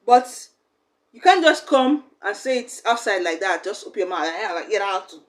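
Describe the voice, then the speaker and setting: A woman's voice: a little high, sing-song, moderate pace. A young woman, teaching a language lesson in a chatty, explaining way. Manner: chatty, acts out little quoted exchanges.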